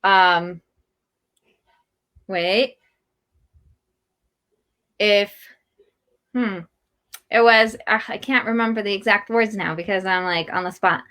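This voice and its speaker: A woman's voice: medium pitch, slow pace, long pauses. A middle-aged woman, a marriage coach and guest, chatting casually and acting out the voices of people she quotes. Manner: animated, acts out quoted voices. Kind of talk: casual interview chat.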